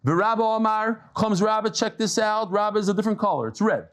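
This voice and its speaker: Male Talmud teacher, slightly higher voice, chatty lecture style with jokes and Hebrew and Aramaic terms. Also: fairly quick, clear, resonant tone. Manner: lively, conversational teaching with jokes and stories. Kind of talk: daily Talmud lesson.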